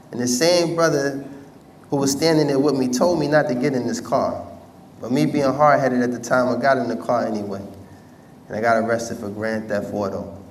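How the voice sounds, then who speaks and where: A man telling his life story to an audience in casual, conversational speech with street slang. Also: mid-range voice. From United States. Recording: distant mic with faint background noise.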